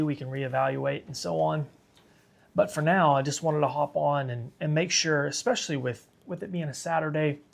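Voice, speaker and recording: Tired gravelly man on a weather stream. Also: a little high. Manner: casual, chatty, reads viewer comments aloud. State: tired and sick, yawning. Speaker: weather livestream host. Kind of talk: live severe weather coverage.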